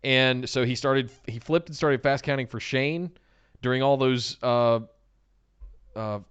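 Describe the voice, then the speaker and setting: A man's voice: medium pitch, unhurried, fairly bright tone, clean tone, lo-fi sound. A man co-hosting a casual podcast, reacting with short, exasperated, emphatic remarks. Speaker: podcast co-host. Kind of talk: casual wrestling podcast chat.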